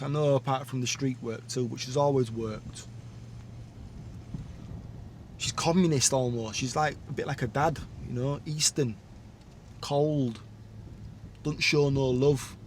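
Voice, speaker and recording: A man's voice: medium pitch, darkish tone, slight background noise. A man telling his own life story in a candid, rambling monologue, full of blunt asides and tag questions.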